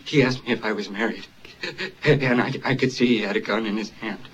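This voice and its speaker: A man's voice: lowish voice, steady tone, fairly quick, dull audio, slight background noise, natural voice. An actor playing a frightened male witness in a film, speaking in a shaky, stammering way. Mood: terrified. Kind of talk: film drama.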